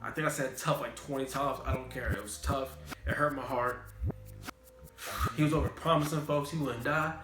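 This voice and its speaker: A young man recapping an anime in a casual, slangy, animated way, repeating catchphrases. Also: medium pitch, moderate pace. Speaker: anime reviewer. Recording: roomy room, faint background music.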